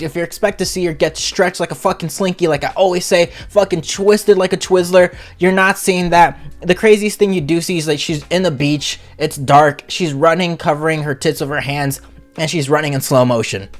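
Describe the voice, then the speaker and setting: A man hosting a comedic review vlog, talking in a crude, profane, rambling rant. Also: a little high. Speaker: channel host, reviewer.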